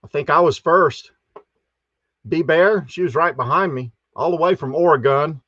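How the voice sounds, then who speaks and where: A man hosts a live stream, greeting each viewer in a folksy way. His voice sits a little high. The sound is dry and slightly dull, like a lo-fi home setup. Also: normal speed, bright, forceful tone, dry recording. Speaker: host.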